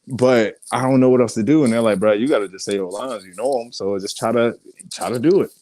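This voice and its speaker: A man's voice: medium pitch, brisk. A young adult man, telling stories casually in an interview, acting out quotes with lots of swearing. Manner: animated storyteller, acts out quotes, swears freely. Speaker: guest artist and actor.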